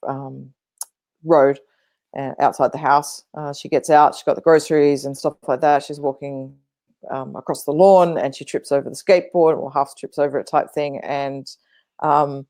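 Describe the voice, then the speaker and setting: A woman's voice: low-pitched, darkish tone, dry recording. A woman co-hosting a podcast, telling stories in a rambling, casual way with many fillers. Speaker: podcast co-host. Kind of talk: casual spiritual chat.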